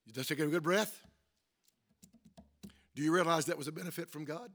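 High-voiced man preaching with emphatic amens. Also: brisk. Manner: preaching with frequent amens and rhetorical questions; swings between soft and loud emphatic lines. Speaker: pastor. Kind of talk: sermon.

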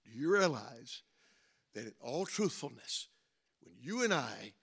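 A middle-aged man preaching a sermon, asking the congregation questions and punctuating points with amens, swinging between soft and loud emphatic lines. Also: mid-range voice, big pitch swings, unhurried, creaky, breathy edge. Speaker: pastor.

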